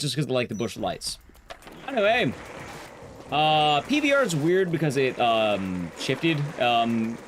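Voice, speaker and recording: A man's voice: fairly high pitch, a little hiss or hum. A man streaming a speedrun, telling a rambling story in casual chat and swearing freely.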